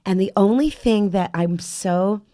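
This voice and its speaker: A middle-aged woman, a character actress, talking casually as a podcast guest, chatty and halting with many restarts. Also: mid-range voice, dark tone, dry recording, studio quality.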